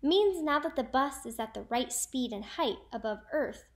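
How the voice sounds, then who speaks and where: An enthusiastic schoolboy who likes to explain, lively in a storybook voice. His tone sits high. A woman plays him. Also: normal speed.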